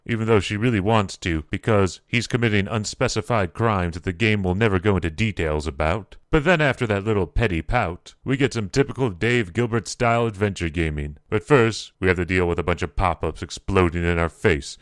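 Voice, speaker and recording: A man's voice: low-pitched, dry recording, clean studio sound. A young man giving sarcastic, mocking commentary over a video game playthrough. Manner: sarcastic, mocking, quick asides. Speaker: let's play commentator.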